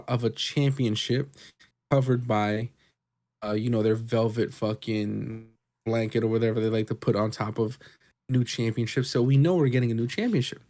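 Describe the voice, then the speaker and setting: Male co-host, casual recap chat, swears often, rambles with excitement. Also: mid-range voice. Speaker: podcast co-host.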